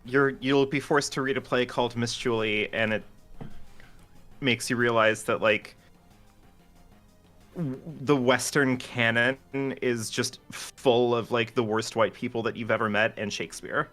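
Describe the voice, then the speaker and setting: A man's voice: mid-range voice, steady tone, a little slow, fairly bright tone, faint music behind. A man joining a stream as guest commentator, wry and theatrical in casual banter.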